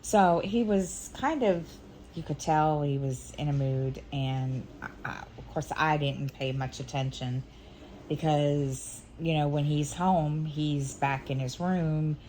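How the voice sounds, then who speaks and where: Slow, low-voiced middle-aged woman rambling. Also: warm tone, a little hiss or hum. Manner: rambling and hesitant, many restarts. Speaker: stitching vlogger. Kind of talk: casual chat.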